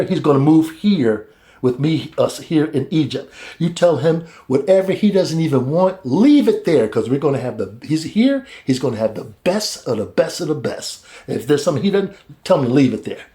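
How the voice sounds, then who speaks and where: A man teaching a Bible study, retelling the story casually and acting out the characters in high, excited voices, laughing often.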